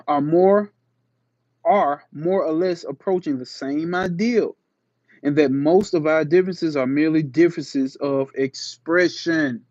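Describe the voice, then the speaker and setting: A man's voice: on the high side, darkish tone, no room sound, highs cut off. Slangy man reading and riffing. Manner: slangy asides between slow emphatic reading. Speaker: channel host. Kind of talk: reading aloud with casual commentary.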